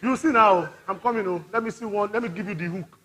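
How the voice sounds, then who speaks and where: A man's voice: high voice, fast talker, slightly rough. A man with a Nigerian accent preaching an interactive family-life sermon at a church conference, teasing and calling out to the crowd. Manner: lively, teasing, calls out to the audience. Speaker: conference speaker.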